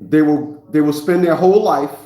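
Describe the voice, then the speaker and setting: A man's voice: on the high side, normal speed, mellow, reverberant. A man in his fifties ranting in a preachy, profane monologue, often repeating himself. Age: 50s. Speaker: vlogger.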